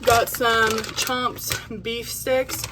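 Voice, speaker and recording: A woman's voice: on the high side, level tone, very slow, noisy background. Chatty, candid woman vlogger. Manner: chatty and candid, with filler words and casual swearing. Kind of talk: casual chat to camera.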